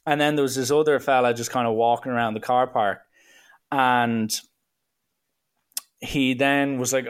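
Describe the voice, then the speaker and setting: A young man telling a funny anecdote in a casual, animated way, slipping into voices now and then. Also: mid-range voice, measured pace, long pauses, clear, resonant tone. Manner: lively, animated, breaks into voices. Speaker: storyteller.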